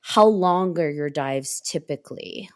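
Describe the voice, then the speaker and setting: A woman's voice: deep voice, measured pace. A woman co-hosting a podcast, asking curious questions and hedging her remarks. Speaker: podcast co-host. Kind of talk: casual podcast chat.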